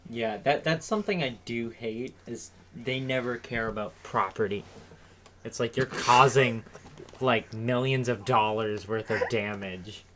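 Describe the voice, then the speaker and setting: A man's voice: medium pitch, a little slow. A young man with a mid-range voice chats casually on a podcast. He jokes and laughs a lot, playing along with the bits, with faint clicks and hiss in the background. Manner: joking, laughs often, plays along with bits. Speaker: podcast co-host. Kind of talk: casual chat.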